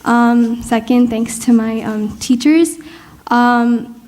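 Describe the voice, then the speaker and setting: A young woman giving an unscripted thank-you speech at her concert, hesitant and emotional, with many pauses. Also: on the high side, fairly even intonation, darkish tone. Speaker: student singer giving thanks.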